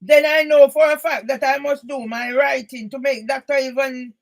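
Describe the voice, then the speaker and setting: A high-pitched woman ranting straight at someone she is angry with. She is confrontational and keeps hammering her points home, sometimes bursting out loudly. The recording is an author and campaigner's monologue video. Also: fairly even intonation, moderate pace. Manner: angry and confrontational, repeated emphatic loud bursts. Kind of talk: ranting monologue addressed to one person.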